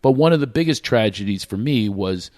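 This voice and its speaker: A man's voice: fairly low pitch, fairly quick, no room sound, studio quality. Man telling rambling comic stories. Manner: rambling, animated anecdotes with impressions. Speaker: comedian guest. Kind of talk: casual storytelling on a podcast.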